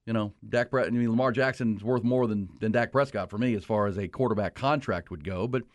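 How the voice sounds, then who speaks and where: A man hosting a casual sports talk show, conversational and lively when promoting segments. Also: on the low side, fairly quick, hardly any pauses, dry recording. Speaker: sports radio host.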